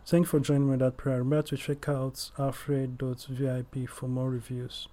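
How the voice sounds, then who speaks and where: A man's voice: mid-range voice, little pitch movement, moderate pace, warm tone. A man hosting a faith-based music review, leading an earnest spoken prayer and calling out "Lord Father" again and again. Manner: earnest, repetitive praying with many "Lord Father" addresses.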